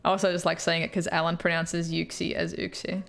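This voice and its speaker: A woman's voice: fairly low pitch, little pitch movement, fairly quick, vocal fry, a bit bright. A young Australian woman chatting on a live stream, answering viewer comments and laughing often. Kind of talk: casual live-stream chat. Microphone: headphones with mic.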